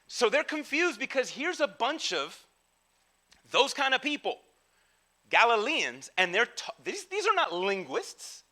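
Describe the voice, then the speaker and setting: A male pastor giving a conversational sermon in a casual, slangy, animated way, with frequent restarts. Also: very high-pitched, a little slow, long pauses.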